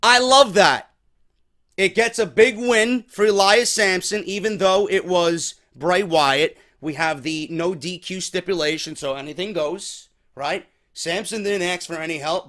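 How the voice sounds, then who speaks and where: A man from New York recaps a wrestling show in a casual, opinionated way, high-pitched for a man. He talks bluntly, swears freely and gets animated about what he thinks.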